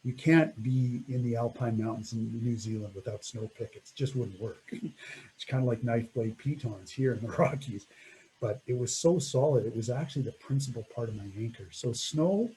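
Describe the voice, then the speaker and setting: A middle-aged man telling an animated story about a mountain climb, laughing often and acting out what people said. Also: mid-range voice, normal speed, slight background noise, poor audio. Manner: animated, laughs often, acts out quoted voices. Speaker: mountaineer recounting a first ascent. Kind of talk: storytelling talk.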